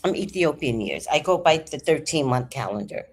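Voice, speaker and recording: A woman in her fifties telling a story to her viewers in an animated, chatty way, swearing freely. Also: low voice, moderate pace. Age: 50s. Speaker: vlogger. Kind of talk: casual storytelling to camera.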